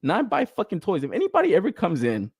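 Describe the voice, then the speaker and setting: A young man chats casually as a podcast host, cursing freely and breaking into laughter. His voice leaps up and down with animated energy, and his story-telling gets excitable. The sound is close and dry with no room behind it. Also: sits high, quick pace, slightly rough, no room sound. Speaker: podcast host reading live chat. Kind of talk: casual chat.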